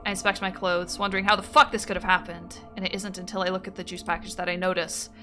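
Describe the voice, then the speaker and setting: A woman streamer reading out viewer confessions and reacting in an animated way, often breaking into laughter and swearing freely. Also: mid-range voice, quick pace, soft background music. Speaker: streamer host.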